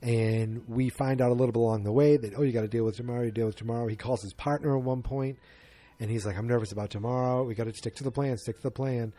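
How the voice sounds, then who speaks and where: A podcast host gives a casual movie review monologue, rambling through the plot, frequently correcting himself and acting out characters' lines. He speaks fast in a mellow, medium-pitched voice with fairly even intonation.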